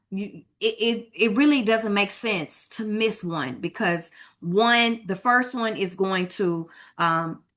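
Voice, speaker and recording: A woman with a Texan accent, a real estate broker, teaches a live online homebuyer class in a bright, forceful, medium-pitched voice. She's chatty and informal, thinking aloud as she fixes tech issues, heard through a computer mic on a video call.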